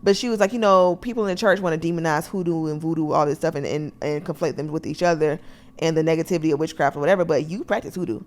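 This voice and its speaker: A woman co-hosting a podcast, chatting in a lively, playful way and often slipping into quoted voices. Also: sits low, fast. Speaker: podcast co-host. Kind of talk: casual podcast chat.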